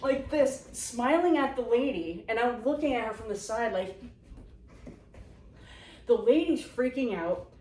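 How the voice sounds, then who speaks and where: A woman in her forties casually telling a story as a vlogger, animated and sarcastic, acting out the people in it. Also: a little high, unhurried, long pauses, slight background noise. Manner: animated, sarcastic, acts out quotes. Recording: roomy echo.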